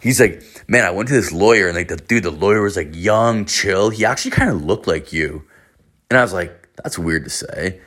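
Young guy with a low voice rambling through a story, swearing a lot, likes to quote his buddies. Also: lively intonation, fairly quick, a bit bright. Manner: profane, rambling, heavy filler words; acts out quoted friends in his own voice. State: hungover. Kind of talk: casual storytelling monologue.

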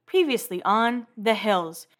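A woman's voice: medium pitch, expressive, slow pace. A woman hosting a casual recap of TV episodes, chatty and full of "like" fillers.

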